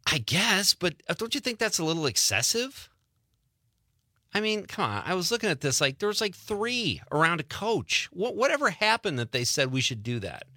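A man's voice: sits high, normal speed, no echo, studio quality. A man with a Wisconsin accent hosting a casual radio talk show, reading listener messages and telling jokey stories. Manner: animated, jokey storytelling.

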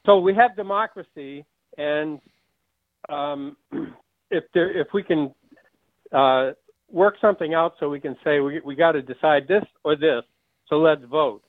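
A man's voice: a little high, unhurried, no room sound. A man calling in to a radio show, rambling and hesitant, with many ums, heard over a tinny phone line. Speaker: caller. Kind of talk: phone-in caller.

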